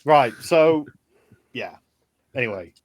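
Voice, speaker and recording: A man's voice: medium pitch, animated, takes it slowly. A man playing a tabletop game in character, playful and trying out an accent. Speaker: player. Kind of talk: tabletop role-play in character.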